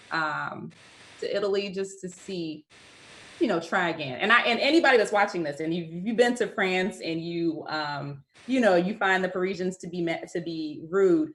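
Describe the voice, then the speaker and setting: A woman's voice: on the low side, a bit bright. A young American woman talking as a guest in a casual chat, thoughtful and hesitant, with many fillers. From United States.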